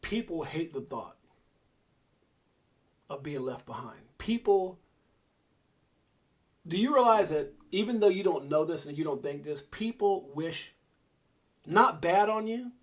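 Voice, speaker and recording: A man's voice: a little high, animated, unhurried, pauses often, husky. A middle-aged man hosting a crypto livestream, preaching in a fired-up motivational rant and calling out viewers by name.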